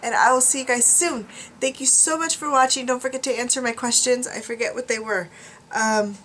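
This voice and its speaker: A woman's voice: fairly high pitch, fairly even intonation, fairly quick, a bit bright, a little hiss or hum. A drowsy woman vlogger rambling casually to her viewers, with many ums and restarts. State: tired, drowsy. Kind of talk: casual chat to camera. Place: home studio.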